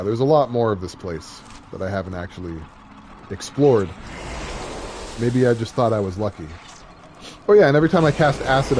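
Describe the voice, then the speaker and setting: A man streaming a game, chatting casually in a rambling, joking way with many fillers. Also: on the low side. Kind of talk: casual gameplay chat. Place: home streaming setup. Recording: game audio noise underneath.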